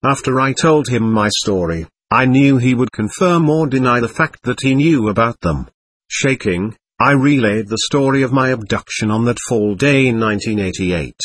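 A man in his twenties telling his own story in earnest, measured first-person narration. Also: medium pitch, lively intonation. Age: 20s.

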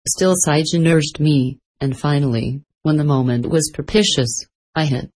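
A woman's voice: sits low, normal speed, a little mellow. A woman reading the lines of a bitter, guilt-ridden old man held in chains, in a storybook telling.

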